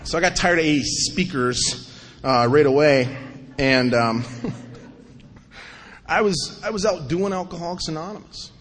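A middle-aged man sharing his recovery story at a meeting, animated and self-mocking, acting out the voices of people in his story. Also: on the high side, unhurried, pauses often, a little hiss or hum. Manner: animated storyteller, acts out quotes, self-mocking, repeats himself. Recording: long reverb of a hall.

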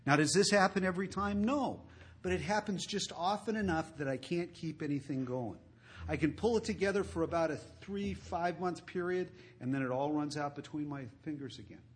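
Husky man telling wry recovery stories. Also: a little high, a little fast. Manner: wry, conversational, rising to loud emphasis. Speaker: recovery speaker. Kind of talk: storytelling talk to an audience.

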